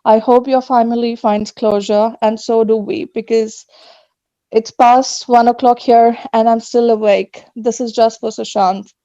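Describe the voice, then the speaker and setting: A woman speaking earnestly and with emotion at an online rally, pausing as she is moved. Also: a little high, flat delivery, warm tone, dry recording. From Australia. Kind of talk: emotional public statement. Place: home at night. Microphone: video call. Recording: muffled video-call audio.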